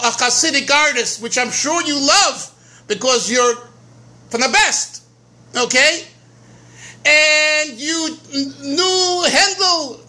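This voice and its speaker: A rabbi from America giving an informal teaching talk at a gathering, drawn-out and emphatic, often repeating words and stopping to sing a melody. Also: male voice, extremely high pitch, bright, forceful tone.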